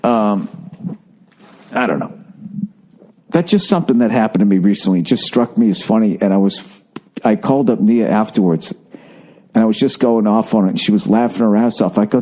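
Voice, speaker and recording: A man's voice: medium pitch, lively intonation, normal speed, darkish tone. A middle-aged man ranting profanely in a casual comic monologue, repeating words as he builds up steam. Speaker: podcast host.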